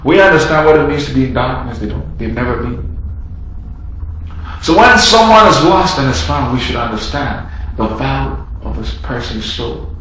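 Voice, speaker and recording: A man's voice: medium pitch, expressive, moderate pace, slight background noise. Echoey preaching man, dramatic swings. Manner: dramatic, acts out quoted speech, swings from loud to hushed. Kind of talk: sermon. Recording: heavy room echo.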